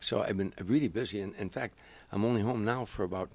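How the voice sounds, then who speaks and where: An older man, a stand-up comedian, telling animated anecdotes as a guest in an interview. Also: on the low side, fast, creaky, dry recording. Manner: animated storyteller, acts out quoted voices.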